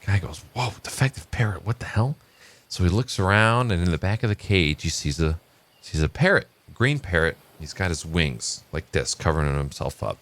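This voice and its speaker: Man vlogger, low voice, lively pitch, loose rambling storyteller. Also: normal speed. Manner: rambling, relaxed, many fillers. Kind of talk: casual joke telling and morning vlog.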